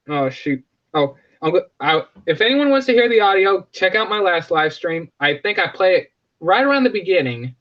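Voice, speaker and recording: A man's voice: on the high side, a bit bright, highs cut off. A man hosting a casual live stream, rambling, joking and correcting himself as he talks.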